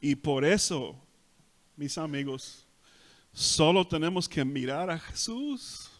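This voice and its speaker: A man with a Texas Spanish accent preaches in a church sanctuary, saying each line in Spanish and then in English. His voice sits a little high for a man. He pushes louder when he drives a point home. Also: lively intonation, unhurried. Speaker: pastor. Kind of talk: bilingual sermon.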